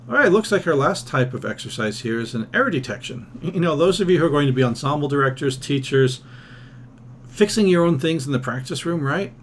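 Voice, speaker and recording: A man's voice: on the high side, lively intonation, a little fast, a little hiss or hum. Man teaching ear training, singing solfège. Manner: thinks aloud, sings solfège and scat syllables to demonstrate; casual, self-deprecating asides. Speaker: music theory teacher. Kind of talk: recorded ear-training lesson.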